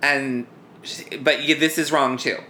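A man co-hosting a podcast, recapping a TV episode in an animated, rambling way full of "like". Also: medium pitch, unhurried, slight background noise. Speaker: podcast co-host. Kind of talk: casual TV recap chat.

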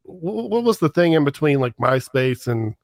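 A man on a podcast telling a story in a halting way, searching for words. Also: fairly high pitch, very animated, no echo, studio quality. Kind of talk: casual podcast chat.

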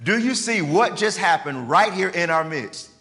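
Forceful man preaching in a reverberant hall. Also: high voice, animated, normal speed. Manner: conversational, questions the congregation. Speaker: pastor. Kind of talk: sermon. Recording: long reverb of a large hall.

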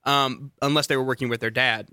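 Young male tour guide, Georgia-born, muted Southern accent; animated storyteller, bright tone, dry room. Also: mid-range voice, fairly quick, smooth, no room sound. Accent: neutralized Southern US. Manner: animated, playful, acts out quoted voices. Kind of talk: casual storytelling chat.

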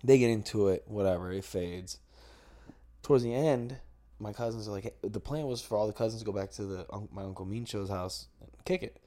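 A man's voice: on the low side, fairly quick, mellow. A man telling a personal story in casual podcast chat, blunt and profane, with lots of restarts.

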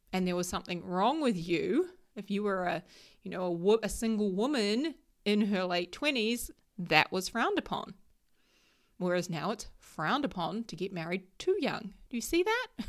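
A woman in her thirties giving a motivational talk about solo travel, emphatic and coaching, often checking in with "right?". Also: medium pitch.

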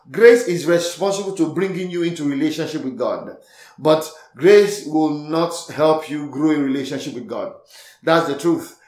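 Pastor, male, slightly high voice, preaching to his congregation, lots of repetition, reverberant room. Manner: repeats key lines, calls out to the congregation. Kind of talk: sermon.

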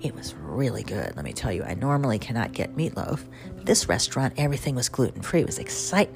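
A chatty radio host with a Southern accent and a very low voice that swings up and down a lot. Her tone is gravelly, and she wanders from story to story with self-mocking asides while music plays clearly underneath. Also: very animated, fast talker, darkish tone. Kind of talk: casual storytelling monologue.

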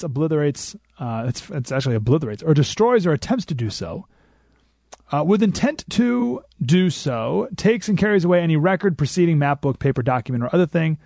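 Animated high-voiced radio host. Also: male voice, no echo, studio quality. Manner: emphatic, animated, repeats for effect. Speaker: radio talk show host. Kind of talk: political talk radio. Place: radio studio. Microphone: studio microphone.

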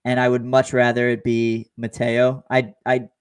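A man's voice: mid-range voice, monotone, smooth. Easygoing man with stammered restarts. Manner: measured, with frequent stammered restarts. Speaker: podcast co-host. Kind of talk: casual sports chat.

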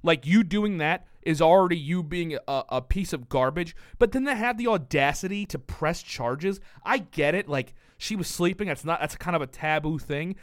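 A man's voice: fairly high pitch, lively intonation, moderate pace, hardly any pauses, no echo, clean studio sound. A young man co-hosting a podcast, ranting with heavy profanity and indignation. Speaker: podcast co-host. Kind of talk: casual podcast banter.

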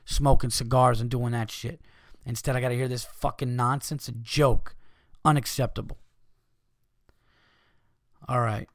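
A man's voice: mid-range voice, fairly even intonation, measured pace, long pauses, no echo, studio quality. Profane ranting man hosting a podcast. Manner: profane, rambling, fired-up ranting. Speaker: podcast host. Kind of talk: solo podcast rant, reading listener letters.

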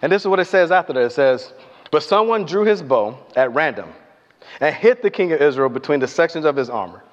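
A man preaching a sermon in a large hall, his voice carrying a long reverb tail. He retells the scripture with animated storytelling and slips into voices for the characters. The recording is muffled and lo-fi, and his pitch sits a little above the usual for a man. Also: a little fast. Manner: animated storytelling, acting out voices and asking the congregation questions.

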